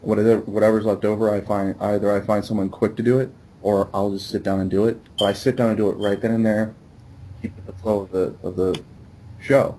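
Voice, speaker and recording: A man's voice: on the low side, level tone, a little fast, warm tone, a little hiss or hum, low-quality recording. A man hosting a podcast in a loose, rambling casual chat with many fillers. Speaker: podcast host.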